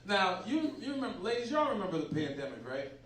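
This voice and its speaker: A man's voice: sits high, big pitch swings, fast. A man doing a brash, profane stand-up set in a comedy club, teasing the crowd. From Massachusetts. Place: comedy club stage before a laughing audience. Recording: echoey club sound from a distant mic.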